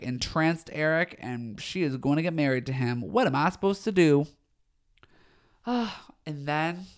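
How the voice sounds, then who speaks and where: A podcast host in casual solo chat, gushing about a film in slangy, excitable talk, often turning to listeners as "you guys" and trailing off into restarts. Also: medium pitch. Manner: frequent fillers and trailing restarts.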